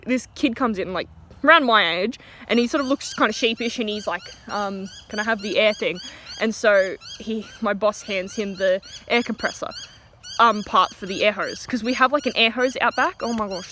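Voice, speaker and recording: A young woman rambles through a casual story, full of fillers. Her voice is bright and slightly high. Recorded outdoors with faint birdsong and ambience behind. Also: moderate pace, slight background noise. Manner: rambling, chatty, many fillers.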